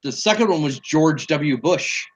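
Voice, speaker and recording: A man's voice: a little high, expressive, a little slow, slightly rough. A man co-hosting a podcast in casual chat, swearing freely and reading quotes aloud as a quiz. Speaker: podcast co-host.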